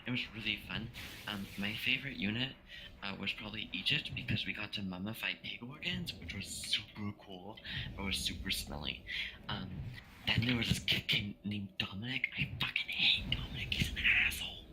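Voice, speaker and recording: A young man, clearly drunk, rambles through a long story in a somewhat low voice, cursing at nearly every turn. His voice chat line carries a steady hiss of background noise. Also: moderate pace, poor audio. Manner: rambling, slurred, swears constantly. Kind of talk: casual chat with friends over voice chat.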